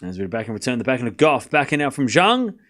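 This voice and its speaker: A man hosting a live tennis watchalong stream, calling each shot in quick bursts with chatty asides between points. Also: medium pitch, big pitch swings, a bit bright. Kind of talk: live play-by-play tennis commentary.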